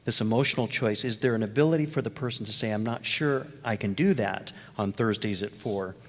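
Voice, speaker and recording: A man's voice: fairly low pitch, a little fast, long reverb tail. A man moderating a panel, reflecting back and summarizing what the other speakers said. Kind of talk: panel discussion.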